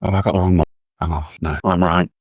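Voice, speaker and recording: A man's voice: low voice, fairly even intonation, fast, no echo. A British man keeping a casual, rambling video diary, chatting to his phone camera with a self-deprecating manner. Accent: British English. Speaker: vlogger.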